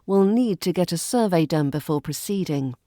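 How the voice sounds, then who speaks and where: A woman with a British accent teaching pronunciation, drilling words and phrases slowly and carefully. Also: lowish voice, expressive, warm tone, no echo, clean studio sound. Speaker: accent coach. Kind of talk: pronunciation lesson.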